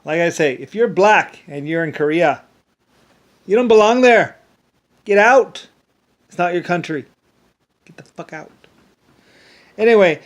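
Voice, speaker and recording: A man in a rambling, angry monologue that keeps repeating itself and often stumbles over restarts. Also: on the high side. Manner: angry, repetitive ranting with profanity.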